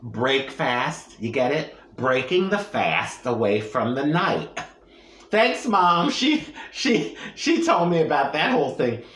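Unhurried yet very animated, a low-pitched woman eats and chats for her mukbang audience, cracking jokes and humming long over each mouthful. The room gives the recording a roomy echo.

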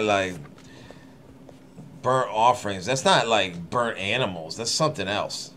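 A man's voice: deep voice, expressive, measured pace, fairly bright tone, a little hiss or hum. A man reading scripture aloud on his channel, breaking off into rambling, irreverent asides with frequent laughter. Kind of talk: casual scripture reading with running commentary.

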